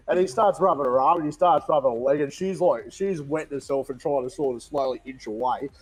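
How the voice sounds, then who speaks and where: An Australian man as a podcast guest, telling a funny story in a casual, animated way and laughing as he goes. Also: a little high, normal speed, husky, poor audio.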